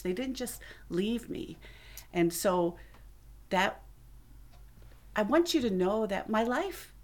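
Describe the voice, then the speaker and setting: Earnest middle-aged woman giving church testimony. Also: fairly low pitch. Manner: earnest, conversational storytelling that acts out quoted voices. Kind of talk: personal testimony told to a congregation.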